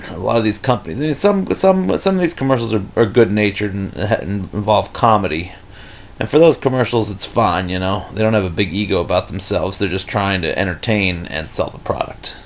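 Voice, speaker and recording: Man, low gravelly voice, rambling scornful rant, faint background noise. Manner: rambling, many fillers and restarts; irritated, scornful. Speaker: video commentator. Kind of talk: unscripted rant.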